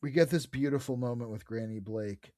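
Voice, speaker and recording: A man in casual chat, recapping with eager energy and frequent fillers. His voice sits at an ordinary middle pitch. The recording is dry and close, with no room sound. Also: fairly quick, dark tone, dry recording. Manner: enthusiastic retelling, many fillers. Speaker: podcast co-host. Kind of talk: casual chat about comics.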